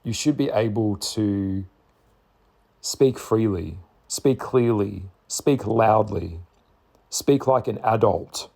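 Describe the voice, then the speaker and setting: A man talking bluntly to camera in a casual monologue, swearing freely and stressing his points with slow, repeated words. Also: lowish voice, vocal fry, darkish tone. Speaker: spiritual vlogger.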